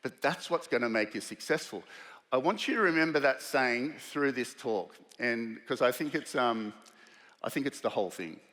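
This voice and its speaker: Australian man giving a lively keynote. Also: mid-range voice, moderate pace. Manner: self-deprecating storyteller, energetic, loose and conversational. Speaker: keynote speaker. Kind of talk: conference keynote with humorous anecdotes. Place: large conference hall. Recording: reverberant hall.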